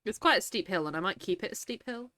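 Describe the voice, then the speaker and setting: A woman's voice: medium pitch, lively intonation, fast, sharp tone, no room sound. A woman streaming a game, chatting casually, reading her chat aloud and laughing often, sniffly and teary. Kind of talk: casual live-stream chat while gaming.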